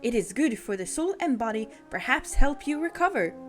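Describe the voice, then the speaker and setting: A woman voicing a gentle older male tea-shop keeper, reading game dialogue aloud in a polite, formal, soothing way. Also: sits high, sing-song, moderate pace, soft background music. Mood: gentle persuasive.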